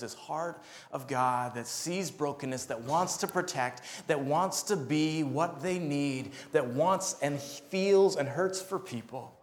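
Man, lively storytelling sermon, echoey room. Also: a little high, takes it slowly. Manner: animated storytelling with laughs and acted quotes. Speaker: pastor.

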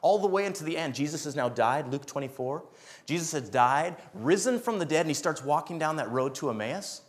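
A male missionary preaching a sermon, his voice sitting a little higher than most men's. He talks in an animated, joking way and acts out the people in his stories. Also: brisk.

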